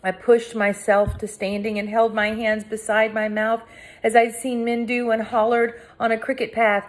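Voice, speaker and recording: A woman reading a first-person audiobook aloud with dramatic, tense delivery that drops to hushed tones. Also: on the high side, level tone, moderate pace. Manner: dramatic, swinging between hushed and cried out. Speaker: audiobook narrator.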